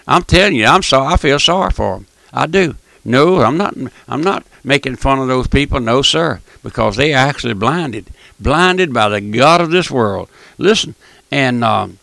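An older man preaching a folksy broadcast sermon, repeating his points and calling the listener "my friend", with emphatic, drawn-out stressed phrases. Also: fairly high pitch, vocal fry, bright, forceful tone, no echo. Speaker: radio preacher.

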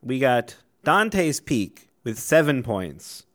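A man's voice: mid-range voice, very animated, slow pace. A man co-hosting a casual podcast who gives short, dry verdicts and then explains at length with fillers. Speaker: podcast co-host.

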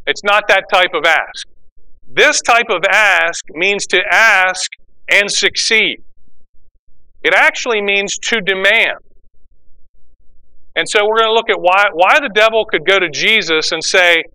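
A pastor preaching a sermon, explaining scripture and acting out the voices of the people in it. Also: male voice, sits high, normal speed, clear, resonant tone, low-quality recording. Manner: animated preaching, acts out quoted voices.

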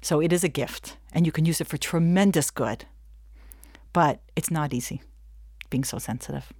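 A middle-aged woman teaching a webinar in an animated, chatty way, slipping into quick snatches of dialogue. Her voice sits on the low side for a woman. The recording is close and dry, with no room sound. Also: breathy edge, dry recording. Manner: animated, acts out little dialogues with laughs. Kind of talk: lively talk to an audience.

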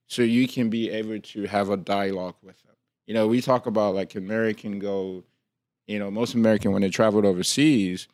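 A man with a Liberian accent talks in a relaxed, easygoing way on a casual panel discussion, laughing now and then. His voice sits fairly low and sounds close and dry. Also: no room sound. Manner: relaxed, laughs often, slips into other ways of talking. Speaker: podcast co-host.

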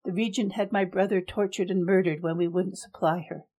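A woman's voice: lowish voice, fairly even intonation, fairly quick, mellow, lightly acted. A woman voicing a shaken male vampire smuggler whose voice breaks as he answers. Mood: cowed. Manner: broken, cowed speech.

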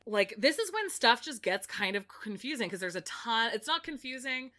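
Woman co-host, bright, clear tone, rambling casual recap with constant "like". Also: a little high, very animated, moderate pace. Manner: chatty, heavy use of "like", many restarts. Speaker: podcast co-host recapping a book. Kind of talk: casual chat.

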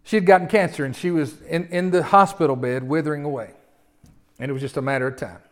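A man preaching a sermon in a conversational, animated way, asking rhetorical questions, telling stories and often restarting his words. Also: fairly high pitch, fast. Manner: frequent restarts and repeated words.

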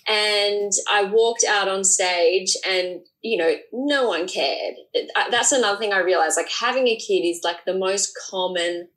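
A woman, a DJ, telling candid anecdotes in a relaxed casual chat. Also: medium pitch, unhurried, hardly any pauses, rough recording. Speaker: DJ and guest.

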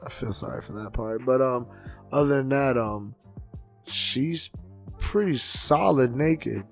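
A man co-hosting a podcast, telling loud, profane stories in a casual way and acting out other people's voices with big swings in pitch and volume. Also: slow pace, vocal fry, faint music behind. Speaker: podcast co-host and DJ.

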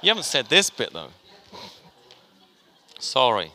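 A man's voice: mid-range voice, wildly swooping pitch, measured pace, bright, forceful tone, a little hiss or hum. A man preaching a sermon, chatty and joking with his congregation as he talks. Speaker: pastor. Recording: long hall reverb.

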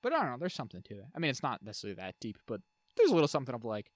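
Brief: quick, animated male podcast co-host, dry close mic. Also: medium pitch, no echo. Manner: animated, jokey, trails off into muttering. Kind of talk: casual chat.

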